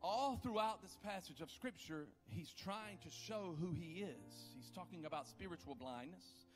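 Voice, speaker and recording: A man preaching a sermon, building to loud impassioned peaks and dropping to low, quiet questions. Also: expressive, normal speed, soft background music. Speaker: pastor.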